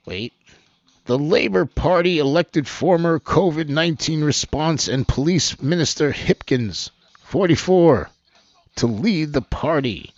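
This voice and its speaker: A man with a medium-pitched voice runs a news commentary channel, reading reports out and mocking them as he rambles and keeps restarting. The recording is dull, lo-fi and dry, with no room sound.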